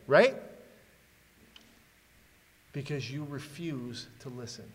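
A man's voice: medium pitch, a little slow, pauses often. Man, preacher, sermon, rhetorical questions, church hall, long reverb. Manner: rhetorical questions to the congregation, dramatic readings.

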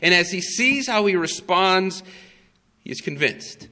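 With an expressive, bright, forceful voice set slightly high, a man delivers a sermon, drawing out the story with slow emphasis and frequent "uh" fillers. His words echo with long reverb from a large hall.

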